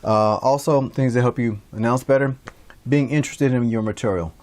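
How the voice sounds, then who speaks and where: Casting: male instructor, relaxed and rambling, mid-pitched voice. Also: normal speed. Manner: casual, rambling with many fillers and restarts. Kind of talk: recorded online lecture.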